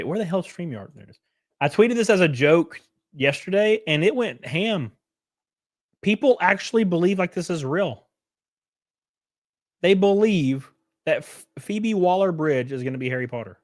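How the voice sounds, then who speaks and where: A man's voice: a little high, lively intonation, moderate pace, pauses often, no room sound. Worn-out male streamer, dry close mic. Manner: reads chat and articles aloud, swears, reacts with sarcasm. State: worn out, short of breath. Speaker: streamer host. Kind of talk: casual livestream commentary.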